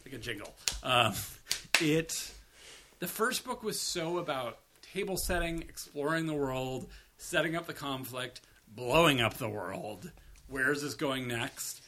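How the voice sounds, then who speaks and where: Male podcast co-host, bright and forceful, rambling casual chat. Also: mid-range voice, expressive, slow. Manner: chatty and rambling, casual swearing.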